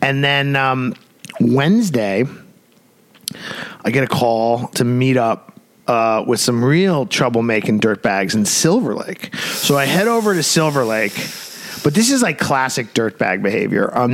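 A man in his forties co-hosting a podcast, telling an animated story with swearing and sudden jumps in pitch. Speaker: podcast co-host. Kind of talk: casual chat. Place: Los Angeles.

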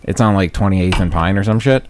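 A man co-hosting a casual chat show, telling a profane story and loudly acting out what people said. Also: deep voice, fairly quick, a little hiss or hum. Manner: profane, animated storyteller, loud acted-out quotes.

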